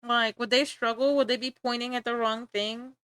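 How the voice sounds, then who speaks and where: A woman's voice: a little high, steady tone, normal speed, a bit bright, clear, resonant tone, dry recording. A young woman streaming live, rambling and joking in casual chat with frequent laughter.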